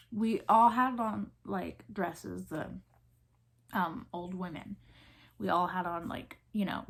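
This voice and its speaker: A young woman with a Southern American accent talks casually to her viewers. She rambles in a chatty way, filling gaps with ums and likes and starting sentences over as thoughts come to her. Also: medium pitch. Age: 20s. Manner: chatty, rambling, many fillers and restarts. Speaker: vlogger. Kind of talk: casual chat.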